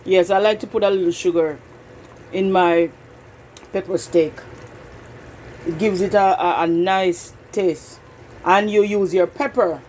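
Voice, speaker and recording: A woman's voice: medium pitch, a little mellow, a little hiss or hum, low-quality recording. A woman hosting a casual home cooking demonstration in a kitchen, chatting straight to her viewers and repeating herself as she goes. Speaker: cooking channel host.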